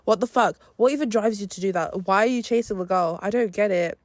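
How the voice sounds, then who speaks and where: A young woman hosting a podcast, reviewing a film in a casual, animated way full of slang and swearing. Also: mid-range voice, a little fast, no echo. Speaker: podcast host.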